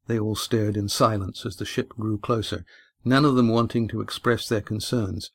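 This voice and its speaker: A man narrating a sailing adventure audiobook in an even, steady reading. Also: on the low side, moderate pace, creaky, no echo, clean studio sound.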